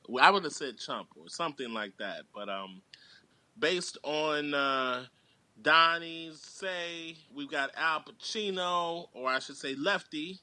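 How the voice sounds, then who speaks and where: A man talking through a film's plot in a casual chat, telling it with animated, character-quoting energy. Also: fairly high pitch, a little slow, no room sound. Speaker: guest actor and writer. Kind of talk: casual movie review chat.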